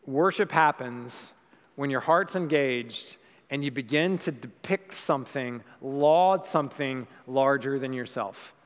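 A man's voice: medium pitch, unhurried. A young man preaching a sermon in a church, talking conversationally and then building into a rhythmic, emphatic recitation. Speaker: pastor. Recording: long reverb of a large hall.

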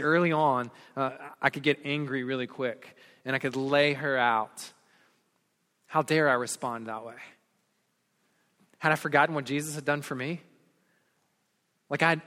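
A pastor in his forties preaching a sermon, telling stories with rising energy and dropping to soft, earnest tones. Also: fairly high pitch. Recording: long hall reverb.

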